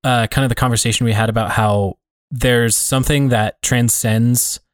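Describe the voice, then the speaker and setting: A man's voice: medium pitch, fairly even intonation, moderate pace, no echo, clean studio sound. A man co-hosting a podcast, talking in a reflective, rambling way full of fillers. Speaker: podcast co-host. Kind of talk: casual conversation.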